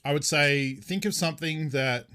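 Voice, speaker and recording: A man's voice: a little high, moderate pace, clear, resonant tone. Laid-back Australian man streaming games. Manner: relaxed, rambling, answers chat, swears casually. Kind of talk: casual live-stream chat.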